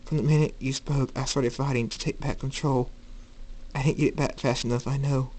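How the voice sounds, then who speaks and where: A man voicing a young male hero in an amateur story reading, low, earnest and apologetic. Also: steady tone, brisk, darkish tone, natural voice, rough recording. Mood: remorseful.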